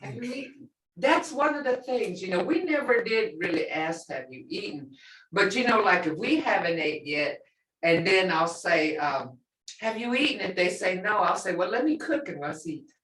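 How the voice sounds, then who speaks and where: An older woman teaching a language class in a relaxed way, repeating phrases slowly for her learners. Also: mid-range voice. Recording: echoey room, distant from mic.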